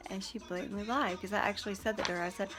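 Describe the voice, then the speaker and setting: A woman recounts a run-in for her viewers, talking bluntly and with clear indignation. She is chatty and quick to editorialize. Music plays clearly behind her voice. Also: mid-range voice, fairly even intonation. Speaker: vlogger. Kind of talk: casual storytelling to camera.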